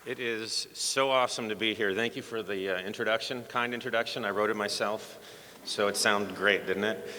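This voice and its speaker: A man's voice: on the low side, fairly even intonation, moderate pace, background noise. A man in his forties giving a jokey, self-deprecating ceremony speech. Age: 40s. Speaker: keynote speaker. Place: school hall or stage, filmed. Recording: long hall reverb.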